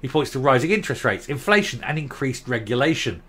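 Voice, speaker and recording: A man's voice: medium pitch, very animated, fast, fairly bright tone, husky. A man giving ranting commentary, blunt, sarcastic and combative.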